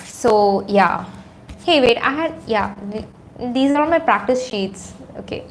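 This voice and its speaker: Woman from India, YouTuber, casual live chat on a tripod camera, slightly higher voice. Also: expressive, a little slow, slight background noise. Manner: chatty, reads viewer comments aloud, many fillers. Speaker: YouTuber on a livestream. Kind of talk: casual livestream chat with viewers. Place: her room at home. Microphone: phone or camera on a tripod.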